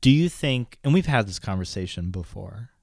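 A man's voice: on the low side, animated, moderate pace, creaky, a little mellow, no room sound, studio quality. A man co-hosting a casual podcast, swearing and ranting with strong opinions. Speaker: podcast co-host.

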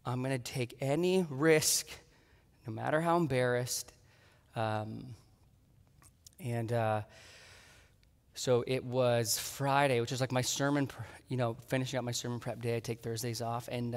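A man preaching a sermon in a medium voice, recounting his week with animated, acted-out dialogue. The sound carries a long reverb from the church hall around him. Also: mid-range voice. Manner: animated storytelling, acting out his own dialogue. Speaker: pastor.

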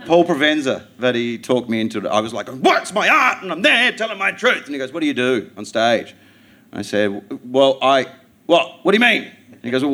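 A man with an Australian accent, a guest comedian talking animatedly and with plenty of swearing while he tells stories in a live podcast interview. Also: medium pitch. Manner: animated, profane storytelling. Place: theatre stage before a live audience.

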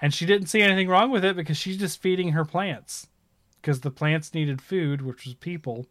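A man chatting casually about games, rambling and animated as he tells stories. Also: a little high, moderate pace, no echo, clean studio sound. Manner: rambling, animated storytelling with laughs.

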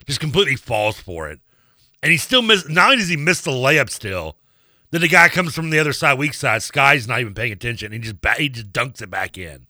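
A man's voice: mid-range voice, big pitch swings, fairly quick, sharp tone, no room sound, clean studio sound. A man co-hosting a sports radio show, telling a story casually and trailing off mid-thought. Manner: laughing, storytelling, trailing off and restarting. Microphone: studio microphone.

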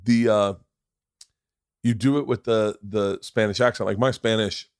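A comedian from Florida hosts a podcast, telling stories casually and loosely, often restarting sentences and cursing freely. His fairly low voice is smooth with fairly even intonation and a measured pace, recorded at studio quality with no echo.

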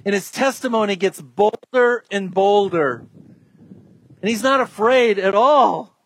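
A man's voice: sits high, unhurried. A man preaching a sermon as a pastor, emphatic and repeating his key phrases.

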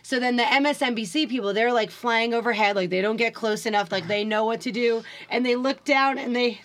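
A woman's voice: fairly high pitch, a little fast. A woman co-hosting a podcast, chatting casually and rambling with lots of "like" as she retells stories. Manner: rambling, heavy use of "like", animated retellings. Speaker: podcast co-host. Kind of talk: casual chat.

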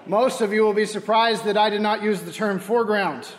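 High-voiced priest in a reverberant church. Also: male voice, brisk. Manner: wry, self-deprecating storytelling. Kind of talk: sermon.

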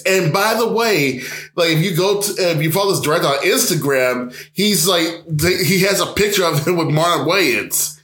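A man chatting on a podcast in a loose, hesitant way, often restarting his sentences. His voice is a little high, and the room around him sounds echoey. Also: moderate pace, a bit bright. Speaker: podcast co-host. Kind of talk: casual podcast chat. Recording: roomy echo.

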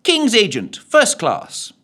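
A man voicing a plummy, brisk woman secret agent in a radio story reading, raised high in pitch and delivered briskly. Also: huge pitch swings, bright, forceful tone, full character voice. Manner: brisk and upbeat.

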